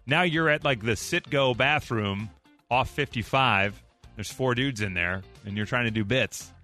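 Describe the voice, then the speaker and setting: A man's voice: medium pitch, faint music behind. A man hosting a morning radio show, chatting casually and joking with callers and co-hosts. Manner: joking, animated, does quick voices.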